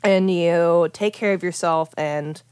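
A woman's voice: lowish voice, slow, darkish tone, clean tone, no room sound, clean studio sound. A young woman telling a story in casual chat, chatty and profane, with many "like" fillers.

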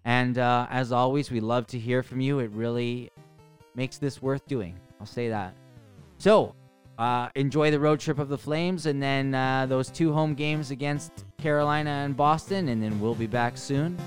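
A man co-hosting a casual sports podcast, bantering in a relaxed way on a close mic. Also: mid-range voice, normal speed, clear, resonant tone, faint music behind. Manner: relaxed banter, rising to an energetic sign-off. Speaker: podcast co-host.

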